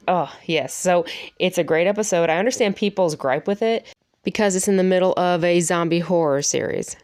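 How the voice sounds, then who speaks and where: A woman talks through a TV episode in a casual, chatty review, openly emotional and laughing often. Her voice sits a bit low, and the recording is dry and close. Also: fairly quick, a little mellow, dry recording.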